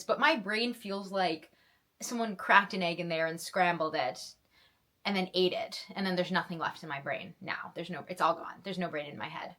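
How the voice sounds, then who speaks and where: A woman's voice: fairly low pitch, expressive, a little fast, fairly bright tone. A young woman reacting to a book she is reading, in an emotional, gushing way, often tripping over her words and starting again. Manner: gushing, emotional, self-interrupting with repeated restarts. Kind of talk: casual reading reaction vlog.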